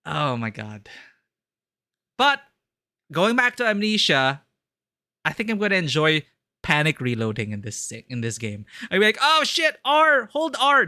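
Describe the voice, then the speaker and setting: A man streaming a horror game, chatting excitedly and laughing often as he plays. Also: on the high side, dry recording, clean studio sound. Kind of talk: live gameplay commentary.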